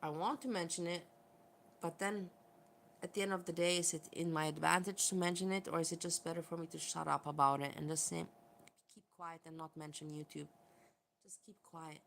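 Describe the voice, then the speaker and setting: Woman vlogger, low-ish voice, blunt and profane, faint hiss behind. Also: steady tone, brisk, gravelly. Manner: blunt, swearing, exasperated. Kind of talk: candid vlog rant. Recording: faint background noise.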